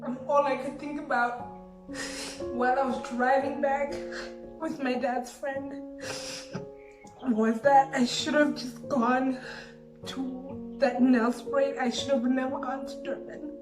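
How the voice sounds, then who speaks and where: Woman late 20s, grieving storytime, says like a lot, kinda high voice, mic far off in an echoey room, music behind. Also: level tone, slow pace, pauses often. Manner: reflective, heavy use of "like", grieving. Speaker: vlogger. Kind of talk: emotional storytime monologue. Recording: roomy sound from a distant mic with background music.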